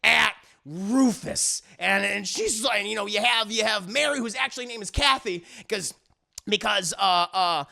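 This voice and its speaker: A man's voice: high voice, moderate pace, creaky, pushed and bright. A man streaming live, animatedly retelling a story with lots of cursing while talking to his chat. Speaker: streamer reviewing media.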